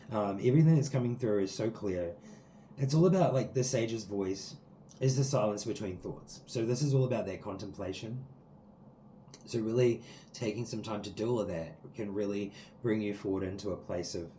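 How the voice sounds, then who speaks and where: A low, mellow-voiced man rambles earnestly through a spiritual tarot reading, his speech scattered with likes and ums. He sits outdoors, and the recording sounds roomy and echoey with faint ambient sound behind him. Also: slight background noise. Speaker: tarot card reader. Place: sitting outdoors.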